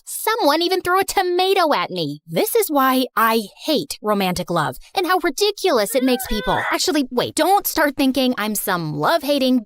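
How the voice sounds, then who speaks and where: A young woman voice actress narrating an animated story in first person, sarcastic and chatty. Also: high voice, dry recording.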